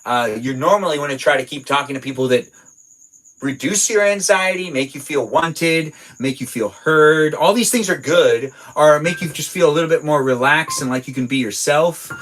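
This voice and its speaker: Broadcasting casually from his garage at home, this livestream host rambles and jokes while reading and answering viewer messages. The recording is rough, and his fairly high voice is a bit bright at a normal speed.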